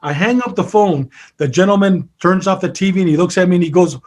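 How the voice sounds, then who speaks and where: A man's voice: high voice, quick pace. An older man, a retired peer counselor, earnestly retelling a story in an interview, full of quoted back-and-forth.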